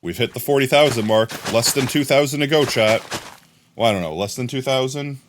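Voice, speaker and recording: A man livestreaming a game, chatting casually with his viewers in a rambling, jokey way that often trails off into a low mumble. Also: brisk, background noise. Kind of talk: casual live-stream chat with viewers.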